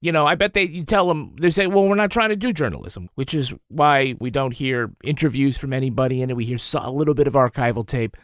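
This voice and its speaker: A man's voice: mid-range voice, fast, few pauses, fairly bright tone, dry recording, studio quality. A man co-hosting a podcast, giving an opinionated review in casual, hedging chat. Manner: opinionated, hedging with "you know". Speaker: podcast co-host.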